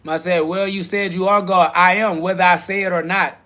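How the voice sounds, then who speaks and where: The host of a live self-talk podcast, this man sounds level, brisk, bright and forceful. He hammers short slogans over and over and snaps back at critics he quotes with crude slang; heated moments make his voice crack up into shrieks.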